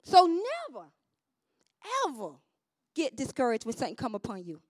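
Fervent high-voiced woman preacher. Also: huge pitch swings, normal speed, no room sound, clean studio sound. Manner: fervent, call-and-response preaching with swings from shouts to near-murmurs. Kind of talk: sermon.

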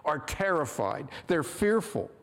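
In a reverberant church sanctuary, a pastor raises his voice to emphasize points and plays out quoted lines during his sermon. His voice is on the high side and fairly bright, with big pitch swings and a measured pace.

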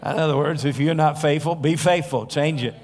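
A man's voice: a little high, darkish tone. Man preaching in a reverberant hall. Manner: conversational storytelling with frequent "uh" pauses. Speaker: pastor. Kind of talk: sermon. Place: church sanctuary.

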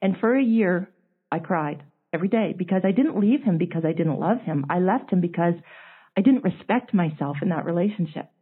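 A woman's voice: lowish voice, brisk, slightly rough. Confessional woman on a tinny line. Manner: emotional, confessional, quotes others in animated voices. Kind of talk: candid storytelling chat. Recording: tinny phone-line audio.

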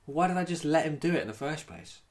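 A man co-hosting an improvised comedy podcast, chatty and quick to laugh as he plays along. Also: a little high, expressive. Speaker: co-host playing the hero of the scenario.

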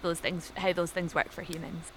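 A woman's voice: lowish voice, little pitch movement, moderate pace, fairly bright tone, a little hiss or hum, low-quality recording. A woman co-hosting a podcast, thinking aloud in long, casual explanations. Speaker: podcast co-host. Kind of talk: casual discussion.

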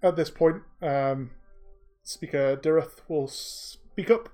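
Playful male game master, slightly high voice. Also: takes it slowly, dark tone. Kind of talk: narrating a tabletop game.

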